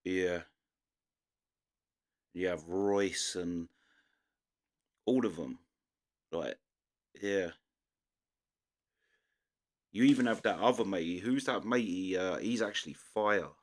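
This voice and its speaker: A young man with a London accent talks through a reaction video in a casual, rambling way. His voice sits low and deep. He stops and restarts his sentences often and fills the gaps with fillers. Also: slow, long pauses. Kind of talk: casual commentary.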